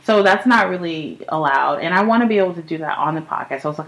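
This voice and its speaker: Young woman host, casual home podcast, high and chatty, swears freely, laughs often. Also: a little fast, poor audio. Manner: profane, laughing, animated storytelling. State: high on cannabis. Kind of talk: casual chat. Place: home apartment.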